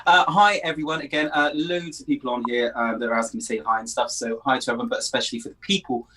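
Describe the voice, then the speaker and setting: A man's voice: medium pitch, steady tone, fast talker, pushed and bright. A British man co-hosts an online pub quiz in a laid-back, chatty way. His voice has a slight husk to it. He makes dry, wry remarks. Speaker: quiz co-host. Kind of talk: casual online quiz chat.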